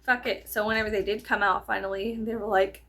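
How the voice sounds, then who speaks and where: A woman, vlogging a casual, profane storytime rant, animated and exaggerating as she talks. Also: medium pitch, brisk.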